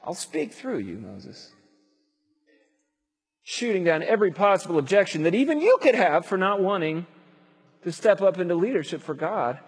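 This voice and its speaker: A man preaching a sermon, retelling a story in an animated way with acted-out voices. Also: a little high, breathy edge. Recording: long hall reverb.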